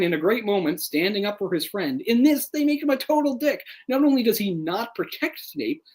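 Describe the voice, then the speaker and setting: A man co-hosting a casual live movie commentary, chatty and opinionated, getting heated and animated as he picks apart the adaptation. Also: high voice, poor audio. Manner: opinionated, gets heated and animated when ranting; chatty, full of "like" and restarts. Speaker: film commentary co-host.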